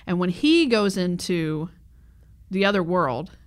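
A woman co-hosting a casual book podcast who reacts quickly and talks in an animated way. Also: on the low side. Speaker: podcast co-host.

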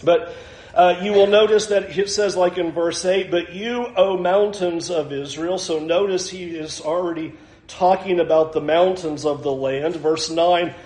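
A man's voice: sits high, fairly even intonation, unhurried, a little mellow, reverberant. A male pastor preaching a sermon, reading scripture aloud and explaining it verse by verse.

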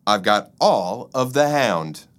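A man's voice: on the low side, expressive, slow, a bit bright. A man voicing Bad Fred, a sly selfish male flea who fakes being sick to keep the dog to himself. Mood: gleeful. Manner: whiny, fake-sick pleading.

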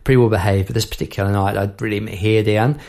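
A man's voice: fairly low pitch, steady tone, fast, darkish tone. A middle-aged man, a songwriter hosting his own podcast, chatting casually and rambling through stories with frequent restarts. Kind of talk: casual chat about songwriting.

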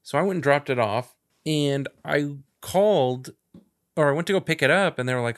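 A man's voice: a little high, normal speed. A man co-hosting a podcast in casual chat, retelling an anecdote and acting out both sides of the conversation. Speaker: podcast co-host.

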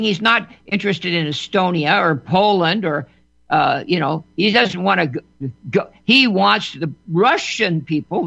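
A man's voice: sits high, gravelly, sharp tone. A man giving an emphatic political monologue as a commentator, often repeating words and restarting phrases. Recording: dull lo-fi recording.

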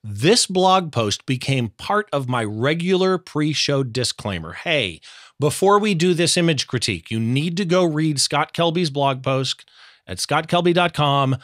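A man hosting an interview show, talking enthusiastically and quickly as he sets up his questions. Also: medium pitch, a bit bright, dry recording, clean studio sound. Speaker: podcast host. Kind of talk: casual interview.

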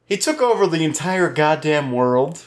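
Lively, animated male podcast co-host. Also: fairly high pitch, moderate pace. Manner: playful, swearing, animated. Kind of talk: casual banter.

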